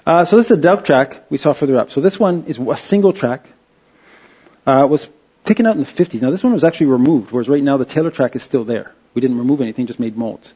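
A man giving an informal slide-show talk, halting and restarting with many fillers. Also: mid-range voice, expressive, dark tone, husky, dull audio. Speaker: presenter.

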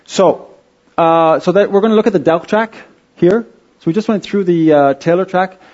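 A man giving an informal slide-show talk, halting and restarting with many fillers. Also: sits high, darkish tone, dull audio. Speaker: presenter.

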